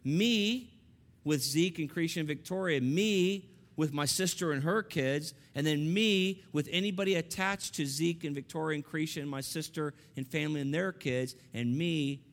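A middle-aged man, preaching a sermon as pastor and telling a family story, rising and dropping his voice for emphasis. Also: normal speed. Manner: storytelling, varies pitch and loudness for emphasis.

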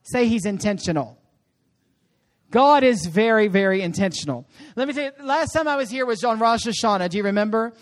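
A woman guest preacher delivering an animated sermon, calling for responses from the congregation. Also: fairly high pitch, fairly quick. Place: church service.

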